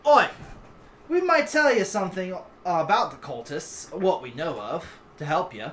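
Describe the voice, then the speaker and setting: A man voicing a blunt, wary golem pawn who lives in the sewers, talking rough. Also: high-pitched, big pitch swings, normal speed, a bit bright, slight background noise. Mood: gruff. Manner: blunt, street-rough talk.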